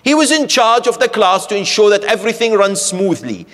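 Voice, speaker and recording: Male sheikh, religious lecture, animated, rhetorical questions, slightly high pitch, long hall echo. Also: brisk. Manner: animated, rhetorical, checks in with "yes?". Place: community centre hall. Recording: echoey hall.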